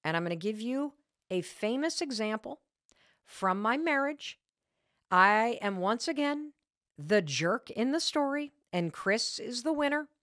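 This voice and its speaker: In a studio-quality recording without echo, a woman hosts a podcast, speaking a little slowly in a slightly high, somewhat bright voice with lively intonation. She gives a motivational talk, sharing personal stories with emphatic, self-mocking candor. She repeats her main points and swears mildly.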